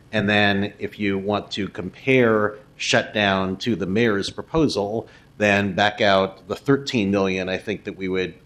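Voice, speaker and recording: Very low-voiced council member thinking aloud. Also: male voice, a bit bright. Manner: deliberate, works through figures aloud with restarts. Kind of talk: formal council meeting remarks.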